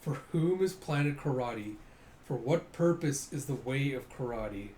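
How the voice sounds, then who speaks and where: A man's voice: medium pitch, lively intonation, unhurried, darkish tone, close to an everyday voice. A man reading as a solemn regretful karate master. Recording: roomy echo, faint noise.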